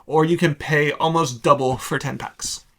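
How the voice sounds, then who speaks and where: A young man with a bright, edgy voice and a gravelly rasp running through it, pitched a little high for a man. He delivers blunt, sarcastic opinions as casual commentary, tossing off quick asides. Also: fairly even intonation. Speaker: card collecting video host.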